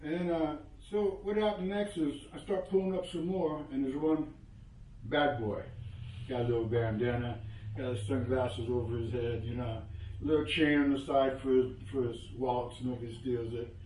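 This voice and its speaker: A man in his seventies, a local resident, telling a story in a casual, animated way, acting out what people said and cursing freely. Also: medium pitch, normal speed, a little hiss or hum. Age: 70s. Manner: animated, acts out quoted exchanges, curses freely. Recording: roomy echo, voice from a distance.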